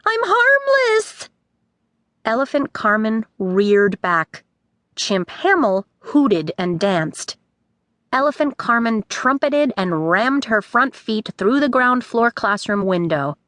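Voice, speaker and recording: Slow, lively woman audiobook narrator. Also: mid-range voice, no echo. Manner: expressive storytelling.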